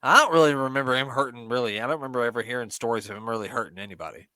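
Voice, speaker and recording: A man's voice: medium pitch, rapid-fire, bright, forceful tone, dry recording. A man co-hosting a casual podcast chat while watching wrestling, joking, laughing a lot and swearing freely. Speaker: podcast co-host.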